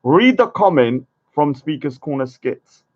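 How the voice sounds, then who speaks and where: A man's voice: a little high, big pitch swings, measured pace, muffled recording. A man giving casual, rambling commentary to the camera, breaking off into muttered asides. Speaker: vlogger.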